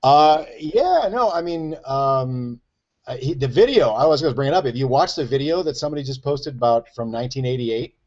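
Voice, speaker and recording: A man co-hosting a casual live-stream chat, joking and self-mocking in an animated way. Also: medium pitch, a little fast. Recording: dull lo-fi live-stream audio.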